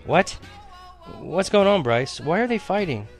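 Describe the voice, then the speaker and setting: Guy doing shy sweet teen girl, high and soft. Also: sing-song, a little slow, soft background music. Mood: puzzled. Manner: soft, hesitant. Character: sweet, gentle teenage girl.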